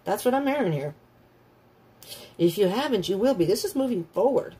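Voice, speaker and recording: Husky-voiced lady doing a tarot reading, blunt and lively, keeps laughing and putting on little voices. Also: mid-range voice, normal speed. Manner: animated, blunt, laughs often, acts out quoted voices. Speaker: tarot reader.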